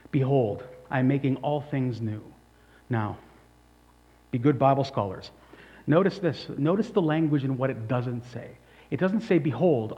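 A young man preaching a sermon as pastor, in a conversational, animated way, with asides and self-corrections. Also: mid-range voice, long reverb tail. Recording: dull lo-fi sound.

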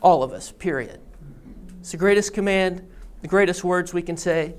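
A pastor preaching a sermon, telling a story and teaching in a deliberate storytelling manner. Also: medium pitch.

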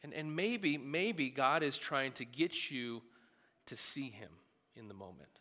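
A man preaching a sermon in a conversational, animated way, with quick asides. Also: medium pitch. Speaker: pastor. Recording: long hall reverb.

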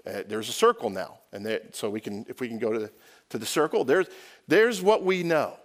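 A man's voice: mid-range voice, animated, a little fast. Man preaching a conversational sermon. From United States. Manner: conversational, self-correcting, asks the congregation questions. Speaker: pastor. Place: church sanctuary.

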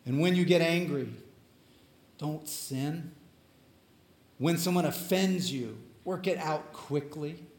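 A man preaching a sermon as pastor, earnest, moving between emphatic lines and hushed ones. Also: a little high, slow, pauses often, roomy sound.

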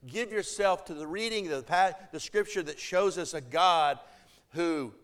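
A man's voice: high voice, moderate pace, a bit bright, clean tone. A man preaching a sermon to a church congregation, earnest and emphatic, building to fervent appeals.

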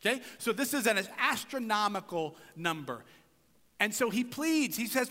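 A pastor delivers a conversational sermon, often tossing rhetorical questions to his listeners. This man's voice sits high and moves animatedly through a wide pitch range, and the sound trails off into the long reverb of a large hall. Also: animated, moderate pace, sharp tone. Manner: conversational preaching with frequent rhetorical "right?".

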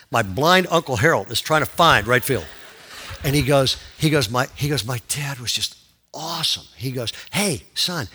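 A male pastor telling a story in a sermon, animated, dropping to a hush and rising to loud excitement. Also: mid-range voice.

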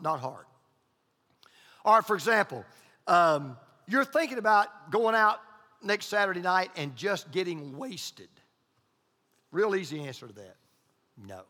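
A man's voice: sits high, pushed and bright. A male pastor preaching a sermon, emphatic and repeating his key points. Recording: long hall reverb.

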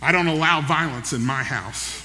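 A man voicing an elderly devout grandmother, soft, steady and firm, heard in a large reverberant hall. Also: a little high, moderate pace.

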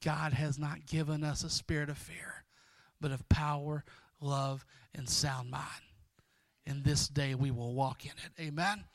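A man pastoring a congregation, exhorting quickly and praying with many repeated words. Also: fairly high pitch, steady tone, gravelly, no echo. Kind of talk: sermon and closing prayer.

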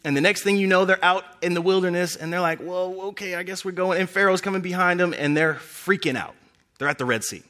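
A young man preaching a sermon, telling scripture stories with animated delivery and acting out the characters' lines. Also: quick pace. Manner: animated storytelling, acting out characters with big pitch swings.

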